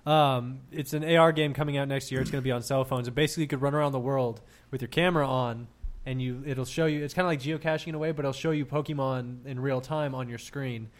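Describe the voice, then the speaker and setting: A man's voice: medium pitch, fairly even intonation, fast, few pauses. A man hosting a casual gaming podcast, reading news items and chatting loosely with some swearing. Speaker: podcast host. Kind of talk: casual chat.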